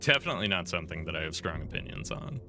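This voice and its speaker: A man's voice: low-pitched, lively intonation, racing, music in the background. A man streaming a video game live, commenting in a dry, sarcastic way.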